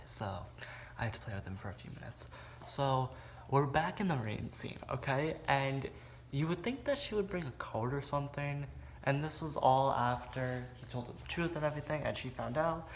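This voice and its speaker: A man's voice: mid-range voice, moderate pace, slight background noise. A man vlogging at home, recapping a movie in a rambling, casual way, filling his talk with "like". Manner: rambling, heavy use of "like", acts out quotes. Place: room at home.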